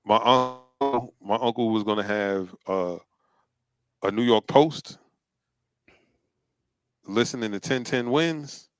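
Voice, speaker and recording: Smooth-voiced man, relaxed halting storyteller. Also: mid-range voice, dry recording. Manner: relaxed, halting, many fillers. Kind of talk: casual storytelling chat.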